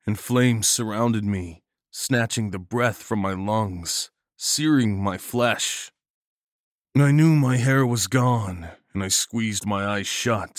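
A man's voice: on the low side, dry recording, clean studio sound. A man giving an intense, dramatic first-person narration of a horror story.

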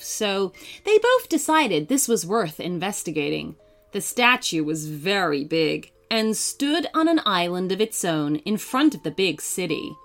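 A woman narrating a children's bedtime story gently, putting on voices for the characters. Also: medium pitch. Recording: faint music behind.

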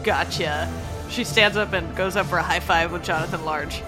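A woman playing a tabletop game, describing her character's moves in a lively, giggly way. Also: lowish voice, normal speed, over music, poor audio. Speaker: player.

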